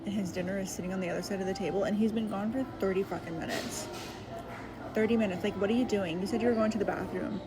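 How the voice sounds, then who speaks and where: A woman's voice: mid-range voice, fairly even intonation, fast, low-quality recording. A woman venting casually at a restaurant table, exasperated and swearing. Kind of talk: casual vlog rant.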